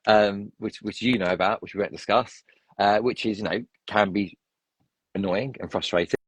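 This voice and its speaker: Low-voiced rambling Englishman. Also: fairly even intonation, moderate pace, slightly rough, dry recording. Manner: rambling, full of restarts and tangents. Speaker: interview guest. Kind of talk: casual storytelling.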